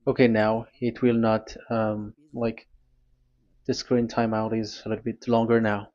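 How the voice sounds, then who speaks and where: A man preaching a teaching sermon at a board, pausing and repeating himself as he explains. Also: lowish voice, little pitch movement, darkish tone, lo-fi sound. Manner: halting, repeats words, talks to a technician.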